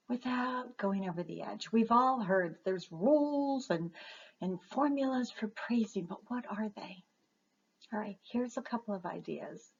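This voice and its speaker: A woman's voice: on the high side, a little slow, creaky. A woman, a writing educator, giving a masterclass lecture with earnest, emphatic advice to parents. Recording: echoey room, dull lo-fi sound.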